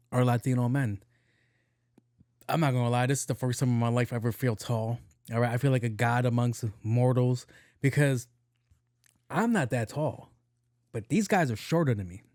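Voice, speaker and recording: Man, podcast host, casual comedic storytelling, profane, animated, mid-pitched voice, dry close sound. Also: no room sound. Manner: profane, animated storyteller who acts out dialogue.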